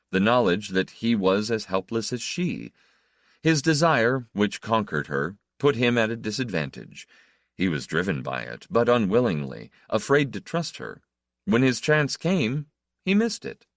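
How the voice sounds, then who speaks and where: A man reading a literary novel aloud as an audiobook narrator, expressive and measured. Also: sits low, no room sound, studio quality.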